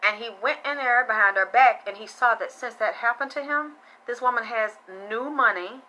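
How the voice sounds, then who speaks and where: Blunt, bright-voiced woman psychic reader. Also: on the high side, moderate pace, low-quality recording. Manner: blunt and chatty, swears freely, thanks viewers by name. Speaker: psychic reader hosting a live stream. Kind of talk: casual live-streamed psychic reading.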